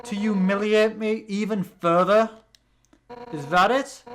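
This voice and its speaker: A proud female fish warrior spits out hostile lines as a British player reads her dialogue. The delivery is gruff and pitched low, with a British accent. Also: fairly even intonation, slow, fairly bright tone, slight background noise.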